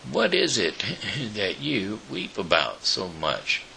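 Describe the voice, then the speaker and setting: A polite, quick-witted boy explorer from a storybook, apologetic and eager to bargain, as a man reads him out. The voice rises and falls a lot but stays low and gravelly underneath, with a bright edge. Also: huge pitch swings, exaggerated voice, rough recording. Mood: pleading. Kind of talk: storybook read-aloud.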